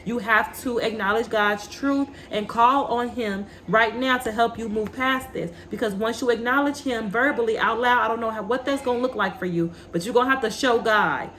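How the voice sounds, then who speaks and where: A woman's voice: a little high, normal speed, few pauses, a bit bright, slight background noise. A woman gives a spiritual tarot reading, fiery and preachy, swearing freely. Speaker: tarot reader.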